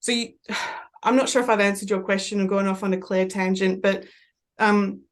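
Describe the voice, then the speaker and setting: An Australian woman working as a medium, telling rambling, animated stories in a relaxed podcast chat. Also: mid-range voice, normal speed.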